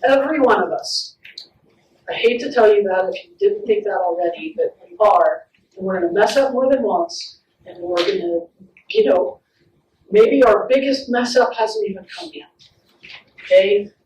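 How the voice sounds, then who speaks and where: A woman play therapist giving a faith-based parenting talk, telling stories with animated acted-out quotes. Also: mid-range voice, moderate pace, a little hiss or hum. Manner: warm, animated storytelling with acted-out quotes and laughs. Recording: echoey room, picked up from a distance.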